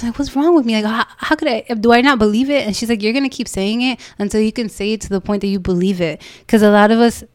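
A woman's voice: a little high, quick pace, few pauses, darkish tone, clear, resonant tone, no echo, clean studio sound. A woman chatting on a podcast, talking earnestly and with feeling, laughing often and repeating words as she goes. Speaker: podcast guest, self-love brand founder. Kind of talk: casual heartfelt podcast chat.

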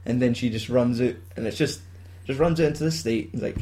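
A man's voice: mid-range voice, fairly quick, dark tone. A Scottish man in casual chat, recapping a film with lots of swearing and laughter and acting out bits of its dialogue. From Scotland.

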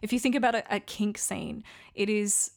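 Woman podcast host, mid-pitched with a gravelly edge, frank and conversational. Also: steady tone, moderate pace. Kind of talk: candid podcast monologue.

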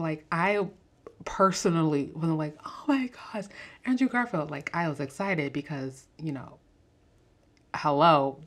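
A young woman talking casually and excitedly about a film on a podcast, with lots of fillers and laughter. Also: low-pitched. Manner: animated, fast-talking, frequent fillers and laughs. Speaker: podcast host. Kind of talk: casual movie review chat.

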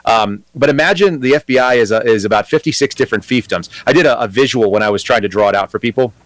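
Male guest, quick and earnest, restarts his thoughts, dry close mic. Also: mid-range voice, no echo, low-quality recording. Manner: fast, earnest, thinking aloud with restarts. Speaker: guest, former FBI agent. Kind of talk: conversational interview.

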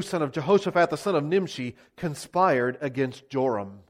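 Male preacher, higher voice than most men, retells scripture vividly for a sermon. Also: normal speed, hardly any pauses. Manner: vivid, dramatic storytelling of scripture. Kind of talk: expository sermon.

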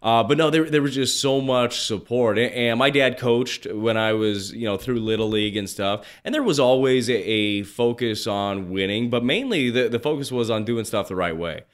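Man telling stories in a lively way. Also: mid-range voice, normal speed, few pauses. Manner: animated, acts out quoted voices, many restarts. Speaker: guest, former pro baseball pitcher. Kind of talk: casual interview storytelling.

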